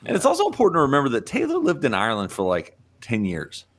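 A man's voice: mid-range voice, wildly swooping pitch, quick pace. A man co-hosting a podcast, joking and firing off questions. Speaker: podcast co-host. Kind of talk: casual chat.

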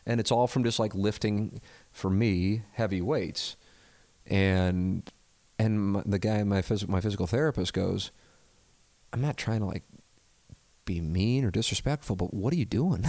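A man in his forties with a low, gravelly voice rambles through a candid, self-deprecating chat as a podcast host. He hesitates and swears freely, and the sound is close and dry. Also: a little slow, darkish tone, no echo.

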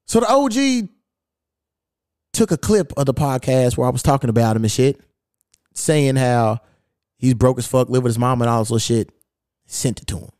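A man at medium pitch, animated and speaking at normal speed, pauses often, his voice a little mellow. He hosts a podcast, telling a story casually, swearing freely and reading messages aloud with amusement. No room sound; studio quality.

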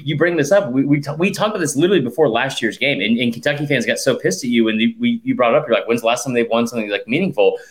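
A man hosting a sports podcast, telling animated, profane stories in casual chat. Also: medium pitch. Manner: animated and profane, rapid storytelling. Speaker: podcast host.

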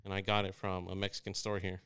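A man's voice: low-pitched, completely flat delivery, fast talker, fairly bright tone, smooth, dry recording. A young man from Texas, co-hosting a casual chat and retelling stories with lots of swearing and quoted voices.

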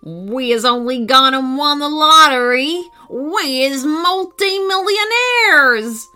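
A woman's voice: medium pitch, lively intonation, slow, pushed and bright, soft background music. A woman voicing a lazy, grumpy old grandfather who mutters and complains in coarse slang. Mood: gloating. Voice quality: gruff, grumbling.

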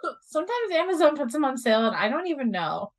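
Woman, middle-aged, slightly high voice, easygoing chat, laughs a lot. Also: big pitch swings, racing, crowd noise. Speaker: self-published journal author. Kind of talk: casual chat.

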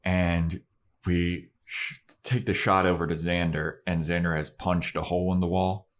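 Low-voiced young man recapping casually. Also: little pitch movement, unhurried. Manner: rambling retelling with acted-out quotes and swearing. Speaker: podcast co-host. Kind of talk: casual chat recapping an episode.

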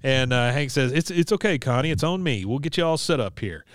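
A man with a smooth, clear voice recaps a cartoon episode for his co-host. His speech is easygoing and full of quoted lines and small laughs. The sound is dry and close to the mic. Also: medium pitch, lively intonation, fairly quick, no room sound. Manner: laid-back storytelling, quoting characters, chuckling often. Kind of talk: casual chat.

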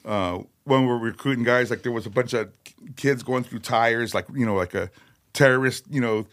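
A middle-aged man, a metal singer telling stories as a podcast guest, animated, laughing and swearing freely. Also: mid-range voice, brisk. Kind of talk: casual storytelling chat. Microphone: podcast studio mic.

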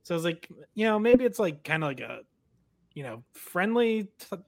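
Higher-pitched man, hesitant casual chat. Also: very animated, moderate pace, creaky. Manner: hesitant, heavy on fillers, trails off. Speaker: podcast co-host.

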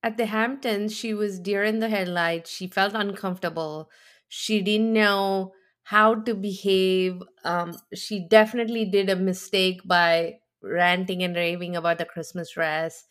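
A woman in casual podcast chat recapping a reality show, acting out the people she quotes with big, animated voices. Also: medium pitch, unhurried. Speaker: podcast co-host.

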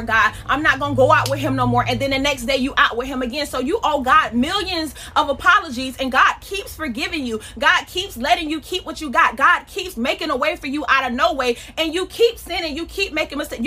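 A woman's voice: sits high, pushed and bright. A woman giving a casual sermon on a podcast, speaking in a conversational, emphatic and slangy way. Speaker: podcast preacher.

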